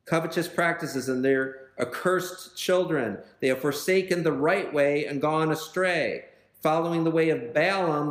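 A man's voice: fairly high pitch, normal speed, reverberant. A male pastor teaching a verse-by-verse sermon in a conversational way, retelling scripture in everyday words.

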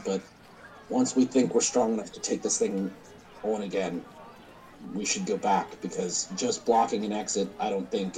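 A man's voice: fairly low pitch, warm tone, rough recording. A man playing a tabletop role-playing game, talking in an earnest, blunt way. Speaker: player. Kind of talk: casual tabletop play.

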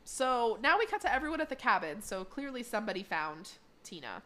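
Woman, podcast co-host, casual chat, animated retelling, acts out quotes. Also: on the high side, a little fast. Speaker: podcast co-host recapping an episode.

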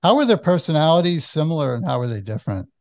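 A man hosting an interview, speaking gently and appreciatively to his guest. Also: on the high side, very animated, quick pace, creaky. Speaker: host.

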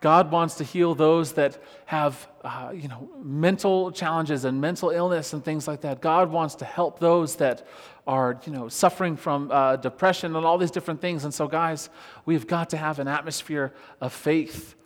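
A man's voice: a little high, normal speed. Man preaching in a reverberant church hall. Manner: conversational storytelling, laughing often. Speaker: worship pastor. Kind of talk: sermon.

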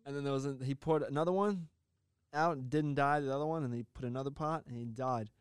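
A young man, animated and swearing a lot as he tells a story in casual podcast chat. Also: mid-range voice, fast, smooth, no room sound, studio quality. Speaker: podcast co-host.

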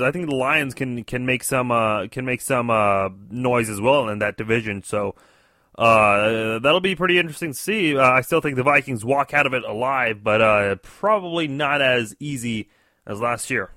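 A man's voice: mid-range voice, moderate pace, bright, forceful tone, no room sound, studio quality. A man calling in to a sports talk show to share his opinions, hesitating and restarting often. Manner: hesitant, many fillers and restarts. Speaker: caller, fellow show host. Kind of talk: casual phone-in sports commentary.

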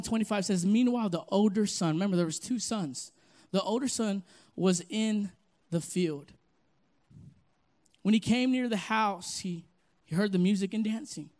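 A young male pastor with a high-pitched voice preaches with plenty of energy. He drops to soft, slow phrases, then swells into loud, punchy lines. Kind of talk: sermon.

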